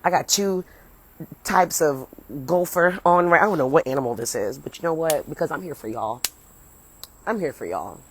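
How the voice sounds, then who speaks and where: A woman's voice: low voice, normal speed, a little hiss or hum, poor audio. A young woman from the United States, a comedian, telling a rambling story on a livestream from her phone at home, swearing freely and breaking off to chat with viewers. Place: at home, partly outdoors. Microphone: phone at arm's length.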